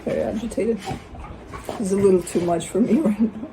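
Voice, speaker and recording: A woman vlog host talks casually in a soft, mellow voice. She often breaks into sing-song baby talk, teasing her dog in swooping tones. Faint noise sits behind her. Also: mid-range voice, moderate pace, long pauses, low-quality recording. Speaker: tarot reader and channel host.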